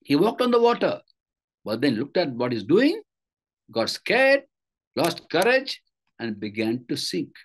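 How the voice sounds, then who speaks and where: A man's voice: a little high, measured pace, long pauses, a little hiss or hum. A man preaching a sermon, retelling a scripture story with repeated phrases and rhetorical questions. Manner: animated storytelling preaching, voice rising and falling.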